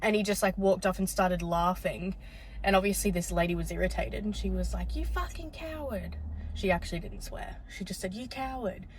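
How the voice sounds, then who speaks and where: A woman's voice: lowish voice, level tone, brisk, a little hiss or hum, poor audio. A young Australian woman vlogging casually, telling stories with lots of fillers and the odd swear word, out and about and in her car. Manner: chatty storytelling with many fillers and swearing. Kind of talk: casual vlog chat. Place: outdoors and in a car, around town.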